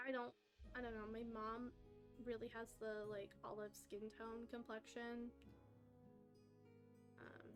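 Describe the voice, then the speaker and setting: A woman's voice: fairly high pitch, fairly bright tone. A woman streamer chatting casually on a live stream, rambling, laughing often and cutting herself off mid-sentence.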